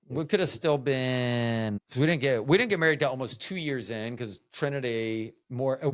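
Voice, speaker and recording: Lively, profane man musing aloud. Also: medium pitch, no room sound, clean studio sound. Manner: profane, boastful and self-mocking. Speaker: video host. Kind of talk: casual rambling monologue.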